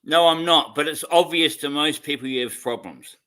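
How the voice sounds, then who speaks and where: A man on a livestream call, arguing in a calm, measured and condescending way. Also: a little high. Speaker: livestream guest. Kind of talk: livestream argument.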